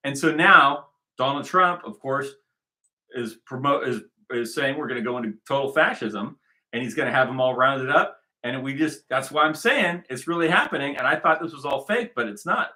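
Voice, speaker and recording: A man's voice: medium pitch, moderate pace, bright, forceful tone. An American man from the United States giving sarcastic, rambling commentary on news clips and often repeating phrases.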